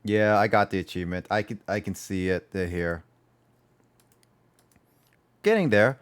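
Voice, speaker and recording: A man's voice: on the low side, a little slow, smooth. A man streaming a video game, chatting casually and rambling, often repeating his words. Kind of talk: casual gaming livestream chat.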